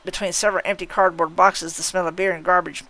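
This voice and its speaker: Woman, live novel read-aloud, unhurried, occasional slips and restarts, middle pitch. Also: fairly even intonation, pushed and bright, low-quality recording. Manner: unhurried reading with occasional slips and self-corrections. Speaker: streamer reading a novel.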